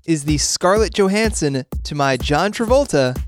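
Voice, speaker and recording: A man's voice: a little high, animated, moderate pace. A man hosting a pop music podcast, chatting casually and laughing easily, recording in a studio. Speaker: podcast host. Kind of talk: casual chat. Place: studio in New York.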